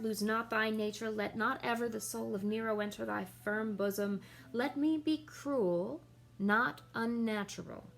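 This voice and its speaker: A woman's voice: mid-range voice, creaky, fairly bright tone. A woman reading the lines of a brooding young prince, declaiming the verse with rising intensity.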